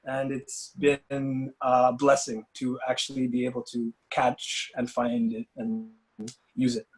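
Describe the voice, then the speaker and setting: A man, an artist, talking casually on an online panel, relaxed and searching for words. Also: mid-range voice, slow, rough recording. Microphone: video call.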